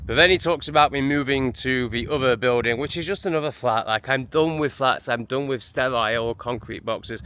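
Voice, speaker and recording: A man's voice: mid-range voice, moderate pace, hardly any pauses. Chatty English man vlogging outdoors. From England. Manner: chatty, animated, ranting with many asides. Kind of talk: casual vlog talk to camera. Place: outdoors by a lake. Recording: noisy outdoor recording.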